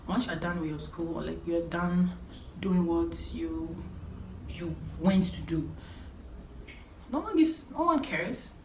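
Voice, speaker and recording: A young woman gives earnest, emphatic advice to her viewers, repeating her key points. Her voice sits a little low. The room is roomy and echoey, with a faint hum of noise behind her. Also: expressive, takes it slowly, pauses often, darkish tone. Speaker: vlogger giving life advice. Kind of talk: casual talking-to-camera advice.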